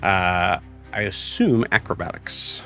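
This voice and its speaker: A young man narrating as game master, halting and full of fillers as he describes the scene. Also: deep voice, a bit bright, faint music behind.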